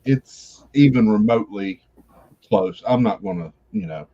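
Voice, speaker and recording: A man speaking in halting, measured phrases on a casual livestream. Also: fairly low pitch, dark tone. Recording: dull lo-fi stream audio.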